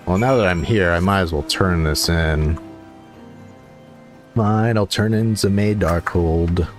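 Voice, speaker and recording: A man's voice: low-pitched, slow pace, pauses often, faint music behind. A man streaming a game, giving casual commentary with wry, joking asides.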